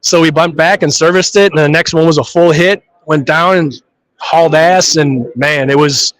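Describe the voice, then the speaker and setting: Man, funny car driver, lively storyteller, somewhat high voice, live interview. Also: normal speed, dry recording, poor audio. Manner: animated storyteller who acts out his own reactions. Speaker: funny car drag racer. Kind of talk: live trade show interview.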